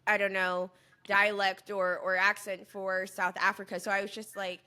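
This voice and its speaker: A woman's voice: mid-range voice, little pitch movement, normal speed, sharp tone, smooth. A woman co-hosting a podcast in casual chat, hedging and searching for her words as she talks. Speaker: podcast co-host.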